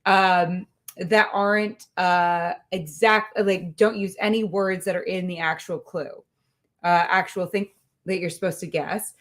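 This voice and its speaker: A woman's voice: on the low side, fairly even intonation, measured pace, a bit bright. A woman co-hosting a podcast livestream, bantering playfully and laughing often. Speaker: podcast co-host. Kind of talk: casual livestream chat.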